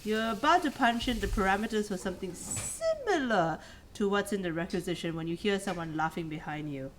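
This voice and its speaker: A chatty woman streamer reads a story game aloud and jokes about her own mistakes. Her pitch sits in the middle of the range, with a faint hiss in the background. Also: expressive, fairly quick. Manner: chatty, laughs at herself. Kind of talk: reading game text aloud with commentary.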